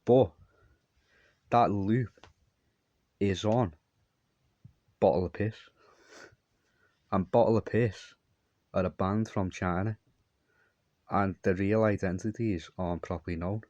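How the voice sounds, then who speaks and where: A man's voice: low-pitched, steady tone, slow pace, pauses often, a little mellow, no echo, highs cut off. A man telling a long, meandering story in a repetitive monologue. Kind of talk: rambling monologue.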